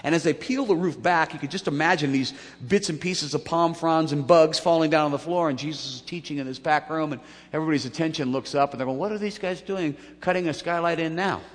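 A man preaching a sermon, telling the story with lively acted-out voices and jokes. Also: a little high, fast talker. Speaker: pastor. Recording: long hall reverb.

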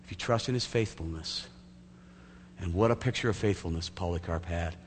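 A low-pitched man speaking at normal speed preaches as pastor in a church sanctuary, bringing a story to life by acting out its scenes. The hall sounds echoey and there is a faint hum.

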